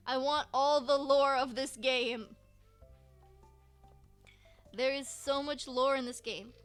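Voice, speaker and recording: A woman talks her way through a relaxed gaming session in a high voice, chatty and prone to repeating herself. Soft music plays faintly behind her. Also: slow pace, pauses often, smooth. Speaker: game streamer. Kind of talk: casual gameplay commentary.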